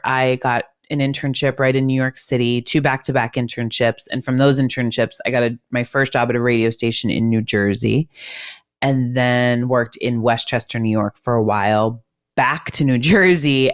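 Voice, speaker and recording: A woman who works as a radio host, talking in a chatty, animated way on a casual podcast, with a trained, neutral broadcaster's delivery. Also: rumbling low, dry recording, clean studio sound. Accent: none, trained neutral broadcast speech. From East Coast of the US.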